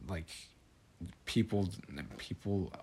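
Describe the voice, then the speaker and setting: Young guy on a podcast, real deep husky voice, says like every other word. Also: fairly even intonation, slow pace, mellow. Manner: rambling, hedges with constant "like". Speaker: podcast co-host. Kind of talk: casual chat.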